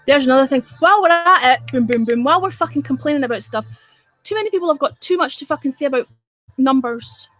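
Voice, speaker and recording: A woman's voice: sits high, lively intonation, quick pace, a bit bright. A woman chatting with viewers on a livestream, blunt and full of swearing as she rants. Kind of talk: casual live-stream chat.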